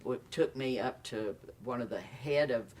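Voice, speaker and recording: A man in his sixties with a Southern accent, an actor telling stories in a casual interview, animated and quick to laugh. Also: mid-range voice, recorded from a distance, a little hiss or hum. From Tennessee. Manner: animated storyteller, acts out quotes, laughs often. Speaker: actor guest.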